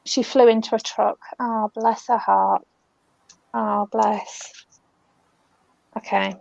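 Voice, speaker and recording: A British woman working as a spiritual medium, giving a gentle live reading and calling people love and darling. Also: medium pitch, little pitch movement, slow pace, vocal fry, no room sound. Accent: British English. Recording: dull, dry lo-fi audio.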